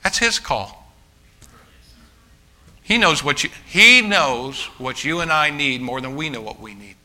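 A male pastor delivers a sermon to a congregation in a church, with a very bright, tense and cutting tone. He is emphatic and insistent, repeats himself as he restarts phrases, and keeps addressing the room directly. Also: on the high side, lively intonation, measured pace. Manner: emphatic preaching, often restarting phrases and calling out to the congregation as folks.

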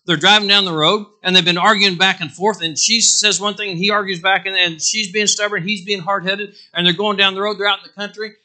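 A male pastor with a high-pitched voice preaches a sermon, swinging between loud declarations and hushed asides while acting out quotes.

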